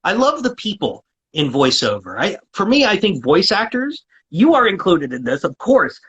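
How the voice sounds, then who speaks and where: A talkative man chatting in a casual interview as a guest voice actor. His voice sits a little high and has a husky edge. He often circles back and restarts sentences with plenty of fillers. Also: huge pitch swings, normal speed, fairly bright tone, highs cut off.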